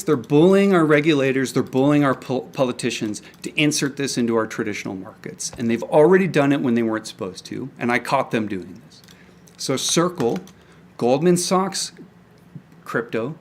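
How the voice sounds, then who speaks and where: At normal speed and medium pitch, with lively intonation, a young crypto commentator angrily rants to camera about the markets. He swears often and restarts his sentences clumsily, recorded on a camera mic.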